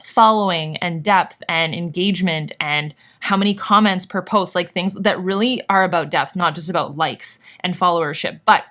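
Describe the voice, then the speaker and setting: A chatty woman hosts a live workshop for her viewers, her voice sitting a little low. She gushes and rambles, piling on fillers and asides as she coaches them through their plans. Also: moderate pace, hardly any pauses, fairly bright tone. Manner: bubbly, gushing, rambling with many fillers. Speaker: vlogger and online business coach.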